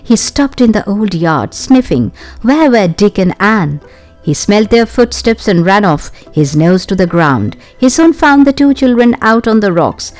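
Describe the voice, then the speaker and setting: A woman's voice: measured pace, faint music behind. Woman narrating a children's adventure story. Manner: expressive, raises her pitch for the children's lines. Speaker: audiobook narrator. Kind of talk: storybook narration with character voices.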